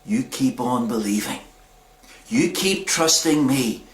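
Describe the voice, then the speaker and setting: A storyteller voicing Jesus as a calm, reassuring grown man, speaking slowly and gently. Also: medium pitch, voice pushed down, close to an everyday voice. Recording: echoey church hall.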